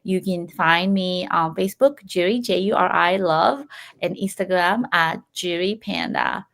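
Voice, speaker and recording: A woman's voice: on the low side, a little slow, vocal fry, a bit bright. A woman hosting a podcast, closing an interview politely with grateful words and a few hesitant fillers. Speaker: podcast host. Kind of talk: interview wrap-up.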